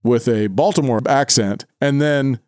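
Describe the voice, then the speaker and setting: A man co-hosting a podcast talks in a loose, casual way, laughing often and restarting sentences as he goes. His voice sits at a middle pitch and sounds dry and close to the mic. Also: a little slow, a little mellow, no echo. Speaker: podcast co-host. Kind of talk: casual chat.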